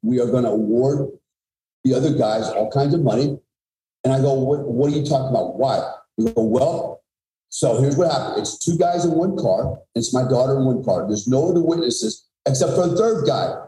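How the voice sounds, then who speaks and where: A former special forces soldier, middle-aged and appearing as a podcast guest, tells his story with blunt, profane emphasis. The mellow, mid-range voice is animated and moderately paced, and the room adds noticeable echo.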